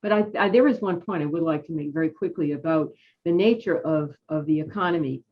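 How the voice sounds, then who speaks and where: A panel guest on a roundtable discussion over a video call, speaking emphatically and quickly agreeing with others. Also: medium pitch, muffled recording.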